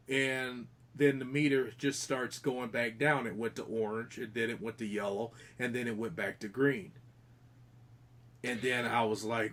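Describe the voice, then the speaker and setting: A man's voice: medium pitch, fairly bright tone. A man on a podcast earnestly telling, in detail, about a ghostly encounter during an investigation, often restarting his sentences. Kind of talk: casual podcast storytelling.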